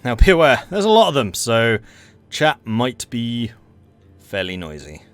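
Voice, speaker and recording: A male commentator hosts a live strategy game stream, chatty and enthusiastic. His voice is mid-pitched, with faint music underneath. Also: huge pitch swings, measured pace, no echo. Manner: chatty, enthusiastic, laughs easily. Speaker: game match commentator and host.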